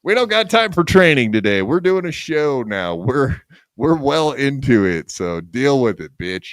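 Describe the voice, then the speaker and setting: Podcast host guy, swearing and ribbing his cohost, smooth clear voice, dry close mic. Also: mid-range voice, big pitch swings, measured pace, dry recording. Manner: profane, teasing, sarcastic. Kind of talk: casual podcast banter.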